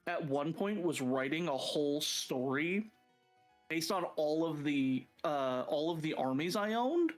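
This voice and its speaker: A man joining a casual stream chat, tripping over his words and laughing along as he swears. His voice sits a little high. Faint music plays underneath. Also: animated, unhurried. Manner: stammering restarts, laughing, profane. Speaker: guest streamer.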